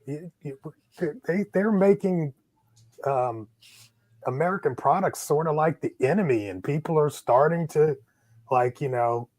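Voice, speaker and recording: A man's voice: on the high side, lively intonation, unhurried, darkish tone. A man on a casual chat panel, sounding exasperated.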